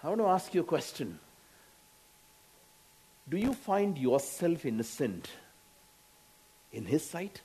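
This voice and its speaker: A man with an Indian English accent preaching a sermon, slow, with frequent laughs and exclamations. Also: medium pitch, a little mellow.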